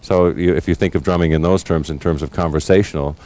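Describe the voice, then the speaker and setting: A middle-aged man in a recording studio, explaining drum fills in a measured, thoughtful way. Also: low-pitched, steady tone, darkish tone. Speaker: drummer giving a lesson. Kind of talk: instructional explanation.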